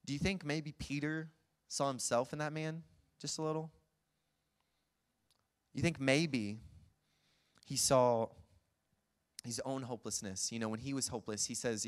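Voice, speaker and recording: A man preaching a sermon, retelling scenes in a lively, chuckling way. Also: medium pitch. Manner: lively storytelling, acts out scenes, chuckles often.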